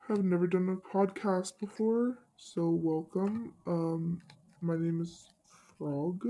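A woman's voice, altered by a voice changer, drags along slowly and sounds gravelly. She hosts a casual solo podcast in a shy, halting way and fills her pauses. The recording has glitches. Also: on the low side, warm tone. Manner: shy, hesitant, halting with many fillers. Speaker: podcast host.

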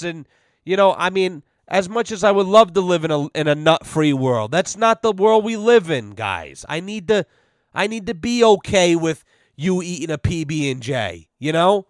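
A man's voice: high voice, expressive, normal speed, no echo, studio quality. A young man hosting a podcast, ranting in a rambling, profane, sarcastic way, filling his talk with "you know". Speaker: podcast host. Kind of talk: casual comedic rant.

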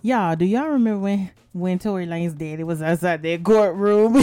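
A young woman from the American South hosting a podcast, chatting about celebrity news in a sassy, profane way and laughing loudly. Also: on the low side, moderate pace, hardly any pauses, no room sound. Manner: sassy, profane, animated gossip with loud laughs. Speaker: podcast host. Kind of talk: casual celebrity news chat.

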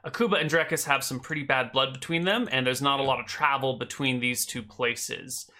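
A man's voice: mid-range voice, fairly quick. A man running a tabletop role-playing game as game master, narrating casually with frequent hesitations. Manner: relaxed, hesitant with fillers.

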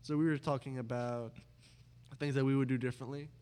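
A man's voice: mid-range voice, steady tone, a little fast, warm tone, smooth. Young man teasing with dry sarcasm. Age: young adult. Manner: rambling, many restarts, dry sarcastic teasing. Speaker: podcast host. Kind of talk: casual sibling chat.

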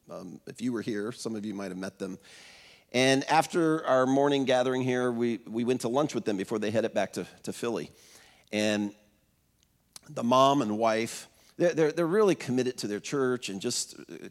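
A man in his fifties preaching a sermon as pastor, telling stories in a conversational way, with many fillers and restarts. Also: medium pitch. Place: church auditorium. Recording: long hall reverb.

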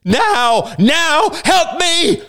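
A man's voice: fairly low pitch, expressive, takes it slowly. A man voicing a solemn bearded zealot leader. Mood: desperate. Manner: solemn, preaching, turns to desperate shouts.

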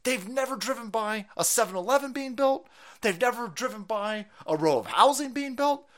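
A man's voice: extremely high pitch, expressive, moderate pace. Profane, ranting male streamer. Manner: profane, shouting, sarcastic. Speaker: streamer host. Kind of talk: angry political rant on a livestream.

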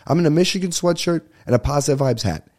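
A young man hosting a casual solo podcast, ranting and telling a story in a profane, rambling, animated way. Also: a little high, quick pace. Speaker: podcast host. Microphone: podcast microphone at a desk.

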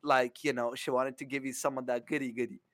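A man's voice: mid-range voice, level tone, quick pace, fairly bright tone, no room sound. A man chatting casually on a podcast, giving laid-back, mocking comments. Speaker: podcast co-host. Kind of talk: casual banter.

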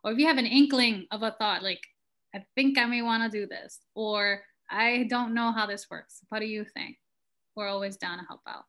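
A woman guest on a podcast, talking in a relaxed, casual way with frequent "um" and "kind of". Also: medium pitch, normal speed.

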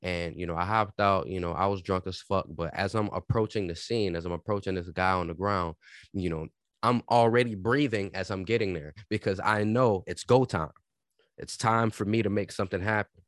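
A man co-hosting a podcast, telling stories in casual, profane, animated chat. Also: deep voice, normal speed, dry recording, clean studio sound. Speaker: podcast co-host.

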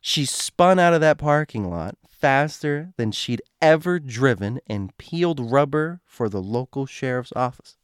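Reading a creepy true story aloud on his show, this host stumbles over words and throws in asides. His voice is on the high side with a clean tone, no echo, and clean studio sound.

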